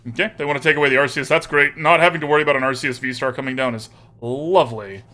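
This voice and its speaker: A man streaming live, chatting casually as he plays a card game, thinking out loud and greeting viewers by name. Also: medium pitch, fairly even intonation, quick pace.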